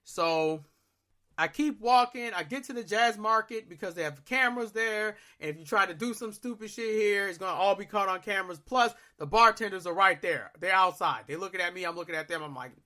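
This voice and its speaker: A young podcast host with a bright, sharp voice tells a story in loose, casual chat. He swears freely and jumps into loud, exasperated rants. The delivery is animated and full of attitude. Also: high-pitched, brisk.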